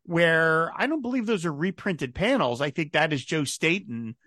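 A man co-hosting a casual comics podcast, animated and laughing often, slipping into mock voices for asides. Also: a little high, moderate pace, no echo, clean studio sound. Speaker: podcast co-host. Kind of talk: casual chat about comics.

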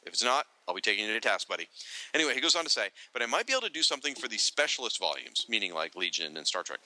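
A man's voice: on the low side, big pitch swings, rapid-fire, pushed and bright, no echo, rough recording. A man co-hosting a podcast, reading listener feedback aloud with joking asides to the listeners. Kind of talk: casual podcast chat.

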